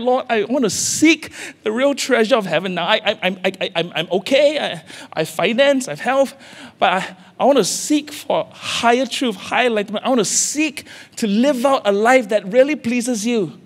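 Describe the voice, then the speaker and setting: A man's voice: sits high, moderate pace, in a large hall. A man with a Singaporean accent preaching a sermon as senior pastor, impassioned and repeating phrases for emphasis. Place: church sanctuary.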